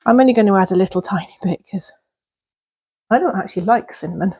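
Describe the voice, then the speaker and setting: Chatty woman vlogger, slightly husky, casual kitchen talk, rambling and easygoing. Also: mid-range voice, quick pace, dark tone, highs cut off. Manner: chatty and rambling, with fillers and small laughs. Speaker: vlogger baking at home. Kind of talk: casual cooking vlog chat. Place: cottage kitchen.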